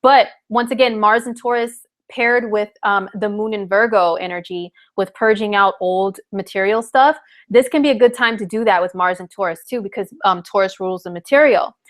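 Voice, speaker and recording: A woman's voice: medium pitch, normal speed. A woman astrologer giving a casual live-streamed forecast, chatty and candid with many fillers.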